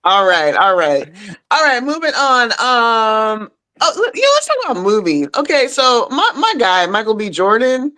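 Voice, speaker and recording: A woman's voice: a little high, very animated, moderate pace, bright, forceful tone. A woman hosting a casual chat show, talking in a chatty way and laughing often between thoughts. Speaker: host.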